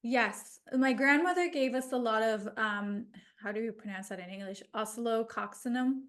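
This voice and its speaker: Soft-spoken host with a higher voice, a woman. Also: normal speed. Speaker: podcast host. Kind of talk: casual podcast interview.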